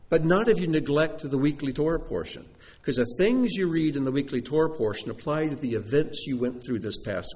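A man preaching a sermon to his congregation, animated and talking straight to them with questions. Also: a little high. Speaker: pastor. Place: sanctuary before a congregation.

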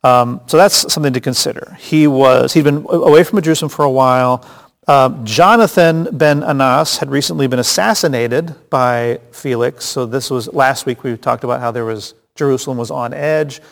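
A man's voice: mid-range voice, moderate pace, gravelly. A man teaching a casual Bible study, chatty and joking, with frequent restarts and asides. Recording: long hall reverb.

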